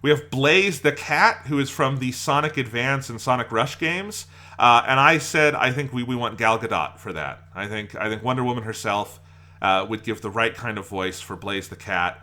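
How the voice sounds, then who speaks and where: A man's voice: medium pitch, lively intonation, normal speed, bright, forceful tone. A man co-hosting a podcast, chatting casually and enthusiastically, rambling a bit and laughing often. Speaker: podcast co-host. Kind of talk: casual chat.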